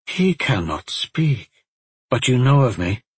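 A man's voice: mid-range voice, very animated, takes it slowly, husky, dry recording, pitched above the performer's own voice, heavily acted. A man voicing a stubborn, proud young woman in an audiobook, curt and insistent. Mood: probing.

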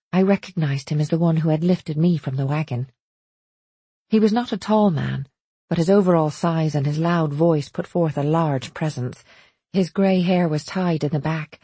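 A woman narrating a first-person audiobook in a measured storytelling manner. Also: low voice, dark tone, husky, no room sound.

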